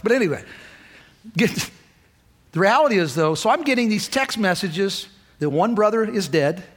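High-pitched guy giving a chatty sermon, little jokes, long hall echo. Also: a bit bright. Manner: conversational, with asides and small jokes; rises high and intense when retelling emotional moments. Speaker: lay preacher. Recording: hall reverb.

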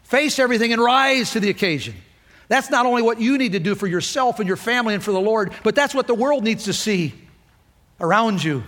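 A man's voice: high-pitched, animated, fairly quick, a bit bright. A middle-aged man preaching a sermon with emphatic, rousing call-and-response delivery. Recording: long hall reverb.

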